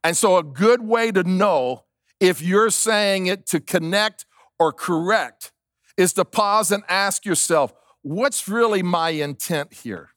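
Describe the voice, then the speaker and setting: Pastor guy preaching, high voice, dry close sound, repeats stuff and asks the room questions. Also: lively intonation, slow, fairly bright tone, no room sound. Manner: emphatic preaching, repeats key lines, asks the congregation questions. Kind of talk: sermon.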